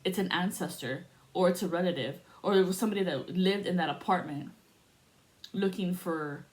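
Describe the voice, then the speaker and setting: A woman in her forties from the United States, telling stories in a casual, profane, animated monologue as a spiritual vlogger. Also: lowish voice, moderate pace. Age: 40s. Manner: profane, animated storytelling with laughs.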